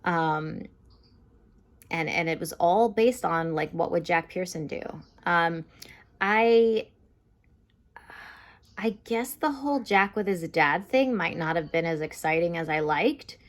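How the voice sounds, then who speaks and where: Young woman w/ lotsa vocal fry, kinda low voice, rambling through a tv recap, says "like" constantly. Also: lively intonation, takes it slowly, long pauses. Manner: chatty, lots of fillers like "like" and "um", acts out quotes. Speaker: TV episode reviewer. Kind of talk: casual spoken recap and review.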